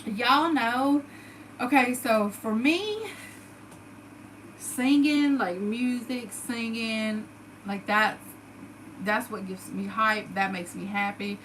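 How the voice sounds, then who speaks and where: A woman's voice: a little high, slow pace, pauses often, a bit bright, a little hiss or hum, rough recording. A woman with a Southern US accent chatting to her followers, emotional and full of fillers. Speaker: vlogger. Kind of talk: casual storytelling to followers.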